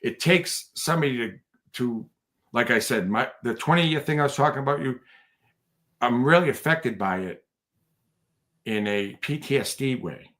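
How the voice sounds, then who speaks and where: A man's voice: mid-range voice, animated, moderate pace, pauses often, a bit bright. A man, a podcast guest telling stories in casual chat, rambling with many restarts. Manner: rambling, restarts often, bursts into laughter.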